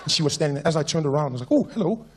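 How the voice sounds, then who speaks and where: A man with a South African accent doing a stand-up comedy routine on stage, telling animated stories and putting on the voices of people he has met. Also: fairly high pitch, very fast, slight background noise. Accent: South African English. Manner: animated storytelling, puts on voices of people he meets. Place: comedy stage with a live audience.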